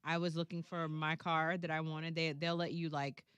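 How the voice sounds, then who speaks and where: A woman's voice: deep voice, moderate pace, clean tone, no echo. A young woman co-hosting a talk show, chatting casually in slangy, colloquial speech and telling stories with voiced quotes. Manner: animated, laughing, storytelling with voiced quotes. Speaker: radio co-host. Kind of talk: casual chat.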